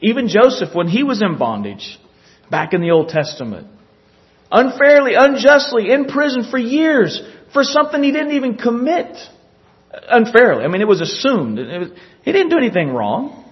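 A man preaching a sermon, animated, acting out scripture scenes with little chuckles. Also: extremely high pitch, normal speed. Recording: dull lo-fi recording.

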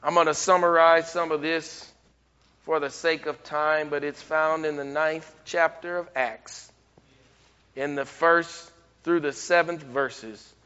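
A high, bright-voiced man delivers a sermon at an unhurried pace. He presses hard on his points, climbing to near-shouts before falling quiet. The recording is dull and muffled, with a long reverb trailing each phrase. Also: steady tone, clean tone. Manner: emphatic, rising to near-shouts then dropping low. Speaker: preacher.

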